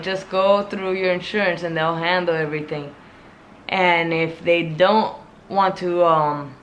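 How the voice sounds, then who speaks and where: Vlogger, mid-pitched voice, exasperated storytime rant, faint background noise. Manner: exasperated, animated retelling with many fillers.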